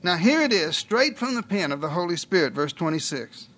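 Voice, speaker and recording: A man with a high voice preaches a sermon. He tells the story in a folksy way and keeps cracking jokes as he goes. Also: very animated, a little fast, pushed and bright.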